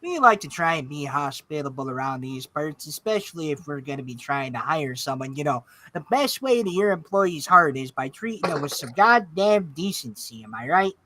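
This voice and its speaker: A hulking orc barkeep, put on by a man who drops his tough act and chats warmly in a Midwestern US accent. His voice sits a touch high and rings bright. He sounds eager to please his guests. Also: expressive, normal speed, hardly any pauses, slight background noise. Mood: friendly. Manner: genial, chatty, hospitable. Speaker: game master.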